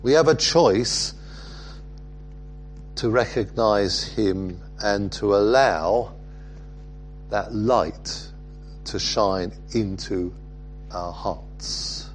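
A man preaching a sermon, reflective and halting, with frequent fillers. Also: on the low side, faint music behind.

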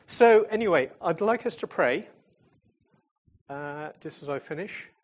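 His voice is a little high, animated and unhurried. As a church representative for a charity, he gives a casual, talkative address ending in prayer, stumbling and restarting through his stories and calling himself a fun-loving comedian type.

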